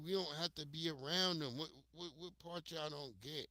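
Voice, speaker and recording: An American man talks to his livestream viewers, spinning profane, animated stories. His voice is forceful and bright, pitched a little high for a man. The sound is dry and close. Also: moderate pace, no echo. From United States. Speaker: livestream host. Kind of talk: casual storytelling on a livestream.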